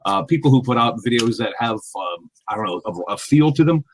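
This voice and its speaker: A man's voice: medium pitch, animated, a little fast, slight background noise. A man co-hosting a casual podcast, talking animatedly with lots of ums, restarts and laughter over a remote mic. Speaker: podcast co-host.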